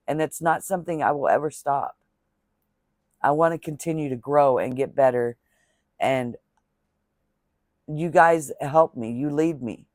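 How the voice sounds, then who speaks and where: A man's voice: on the high side, darkish tone, no room sound, clean studio sound. A man chatting casually to camera as a crochet vlogger, rambling and heartfelt, thanking viewers with religious blessings. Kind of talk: casual talking-to-camera vlog chat.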